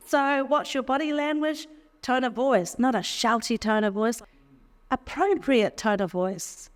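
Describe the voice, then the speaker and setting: Woman workshop speaker, slightly high voice, chatty, repeats points for emphasis. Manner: conversational, chatty, with frequent fillers; repeats key phrases for emphasis. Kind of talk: casual teaching talk to a group.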